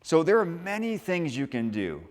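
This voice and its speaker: A man with a slightly raised pitch gives an upbeat motivational talk and keeps asking the students questions. His voice carries a long reverb, as if he is speaking in a large school hall. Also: moderate pace. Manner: lively, upbeat, asks the audience questions.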